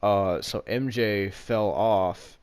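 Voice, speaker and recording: A man's voice: lowish voice, slow pace, a little mellow. A man in casual chat, retelling a movie plot in a rambling way, with lots of "like" fillers and casual swearing.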